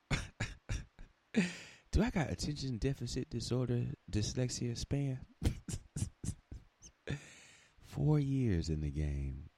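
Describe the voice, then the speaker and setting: A man's voice: very deep voice, dark tone, husky. A man podcaster rambling in a casual, profane monologue, talking to himself while playing a game.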